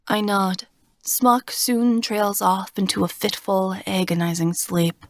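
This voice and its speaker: A woman reading a first-person fantasy audiobook in a steady, expressive storytelling voice, recorded on a close studio mic. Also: mid-range voice, slow pace, no echo. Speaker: audiobook narrator.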